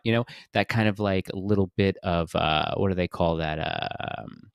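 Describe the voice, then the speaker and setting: A man's voice: sits low, steady tone, moderate pace, clean tone, no room sound, clean studio sound. A man, casually reacting to a video on a podcast and rambling while he searches for words. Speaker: podcast host.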